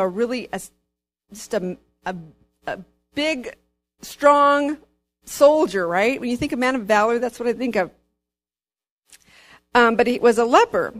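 A woman leading an informal Bible teaching, reading scripture aloud and talking it over with fillers and asides. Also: medium pitch. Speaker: bible study leader.

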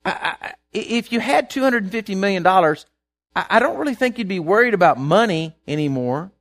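A man's voice: sits high, expressive, fairly quick. A man preaching a sermon, often asking if his listeners follow and repeating words as he restarts. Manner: keeps asking the congregation if they follow; acts out worried people in a hushed voice.

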